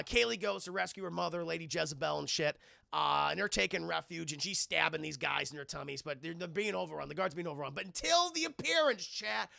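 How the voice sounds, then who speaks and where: A man's voice: high voice, gravelly, pushed and bright, no echo, studio quality. A man streaming a casual, profane scene-by-scene film review, talking to his chat. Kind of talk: casual live-stream movie commentary.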